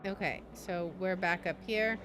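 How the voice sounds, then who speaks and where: A woman's voice: fairly low pitch, measured pace, noisy background. A woman streaming a video game, thinking aloud in a casual, tentative way as she plays.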